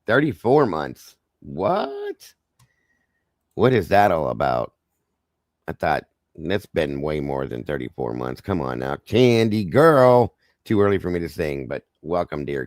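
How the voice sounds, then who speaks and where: Male true-crime streamer, low and hoarse, fired up and cursing, close dry sound. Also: big pitch swings, unhurried, no room sound. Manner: angry, ranting, swears freely; greets viewers by name between rants. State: hoarse, losing his voice. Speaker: livestream host. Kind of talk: true-crime livestream chat.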